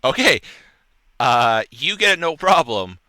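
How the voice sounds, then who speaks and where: Guy running a tabletop game, rambly with lots of ums, animated bright voice, dry close sound. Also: medium pitch, measured pace, dry recording. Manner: rambling, loose narration with many fillers. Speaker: game master.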